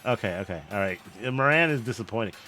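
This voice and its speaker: A man casting a live online game match, excitable and jokey, often cracking up with laughter. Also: fairly low pitch, fast. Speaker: game commentator. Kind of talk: live esports commentary.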